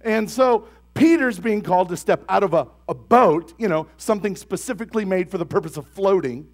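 A young man preaching a sermon as pastor, talking to the congregation and asking them questions, then building to loud, emphatic bursts. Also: high-pitched, fairly quick. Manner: conversational, asks the congregation questions.

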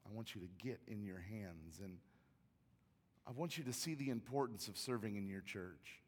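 A male pastor preaching a sermon in a church auditorium, chatty and repetitive, getting loud and excited as he tells a story. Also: fairly low pitch, moderate pace. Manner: conversational, repeats words, grows loud and excited in the story. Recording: long reverb of a large hall.

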